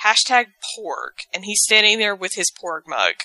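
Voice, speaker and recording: A woman's voice: mid-range voice, sing-song, moderate pace, pushed and bright, dry recording, low-quality recording. A woman co-hosting a podcast, casually reading social media posts aloud with playful asides. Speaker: podcast co-host.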